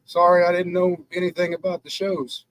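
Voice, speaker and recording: A man's voice: high voice, completely flat delivery, fairly quick, no echo, poor audio. A man dropping into a live stream as a guest, easygoing, with short replies.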